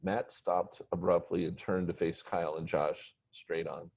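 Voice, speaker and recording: A man reading a story aloud in plain, steady narration. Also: low-pitched, measured pace, gravelly, husky. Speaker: story reader. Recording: dull lo-fi recording.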